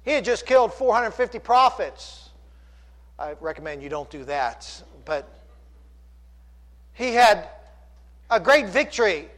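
A male preacher with a notably high voice delivers a lively sermon. He asks rhetorical questions and acts out quoted speech from the story. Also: unhurried, pauses often.

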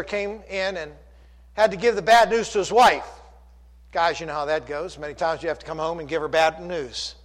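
A man preaching a sermon, animated, asking rhetorical questions and acting out the quoted speech of the story. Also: sits high.

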